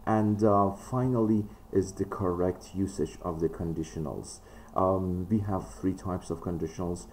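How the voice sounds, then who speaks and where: Low-voiced man teaching with many fillers. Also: fairly even intonation, a little slow, darkish tone, slight background noise. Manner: frequent fillers, emphatic rises in pitch. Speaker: English test teacher. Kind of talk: spoken lesson.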